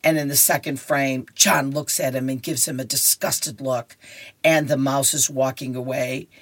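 A woman's voice: rumbling low, fairly even intonation, moderate pace. A woman reading horoscopes and comic strips for a radio reading service, chatty with giggles and restarts.

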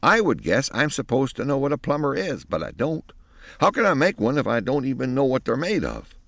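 A man's voice: mid-range voice, big pitch swings, fairly quick, fairly bright tone, no echo, clean studio sound, voice pushed up. A man reading aloud, voicing a cranky, impatient old fairy godmother who insults and threatens. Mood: grumbling.

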